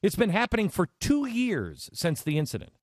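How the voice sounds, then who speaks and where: A man hosting a talk radio show, telling a story in a conversational, animated way with many restarts. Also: high-pitched, moderate pace, no room sound, studio quality.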